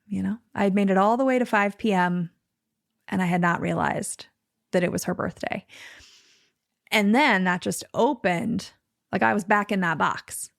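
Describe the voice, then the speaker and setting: A woman hosts a podcast in a chatty, think-aloud way with plenty of "like" fillers. Her voice has a gravelly edge and is recorded dry and close. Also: medium pitch, moderate pace, dry recording. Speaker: podcast host. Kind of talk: casual conversation.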